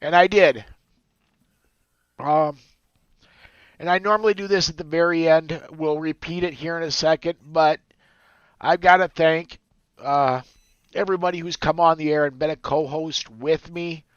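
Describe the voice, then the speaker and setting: A man hosting a podcast, thanking his co-hosts, emotional and halting with many fillers. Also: on the high side, fairly even intonation, smooth, no room sound, dull audio. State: choked up, emotional. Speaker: podcast host. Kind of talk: emotional farewell chat.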